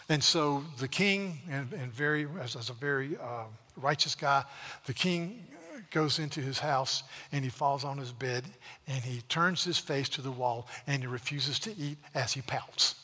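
A man's voice: medium pitch, normal speed, pushed and bright, long reverb tail. A man preaching a sermon, dramatically retelling scripture stories, with frequent restarts. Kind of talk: sermon storytelling.

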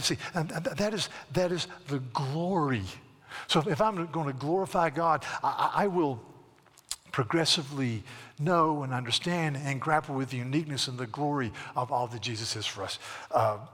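A man's voice: mid-range voice, a bit bright, slightly rough. A man who is a Baptist pastor, preaching a sermon in a folksy, storytelling way that builds to emphatic preaching. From South Carolina, USA. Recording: long reverb of a large hall.

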